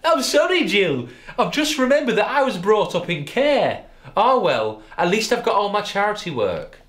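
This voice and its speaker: A man's voice: high-pitched, very animated, normal speed, fairly bright tone, echoey room, voice pushed up. A man voicing a lustful, hapless northern English man with a thick drawl. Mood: anguished. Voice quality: barely comprehensible drawl.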